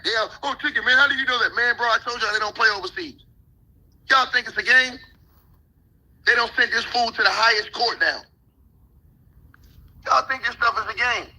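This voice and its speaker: A man's voice: very high voice, moderate pace, pauses often, sharp tone, slightly rough, poor audio. A man on a live stream reading news reports aloud and riffing on them in slang. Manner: reads reports aloud then riffs in slang.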